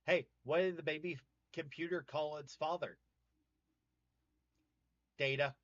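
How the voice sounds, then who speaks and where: A man from the American South hosts a loose livestream, trading puns and calling out viewers by name. His voice sits a bit high for a man. The mic sounds slightly muffled and completely dry. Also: fairly even intonation, unhurried, no room sound. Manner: joking, trades puns and greets viewers by name. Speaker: livestream host. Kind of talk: casual livestream chat.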